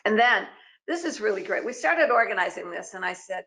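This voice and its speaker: A brisk woman moderating a finance webinar over a video call, talking in a chatty, emphatic way and pushing her panelists with pointed questions. Her mid-pitched voice carries a gravelly edge of fry. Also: lively intonation, a bit bright, low-quality recording.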